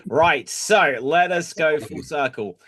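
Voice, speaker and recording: A man's voice: fairly high pitch, takes it slowly, fairly bright tone. A man hosting an online improv comedy show over a video call, announcing the games with an upbeat manner. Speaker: host.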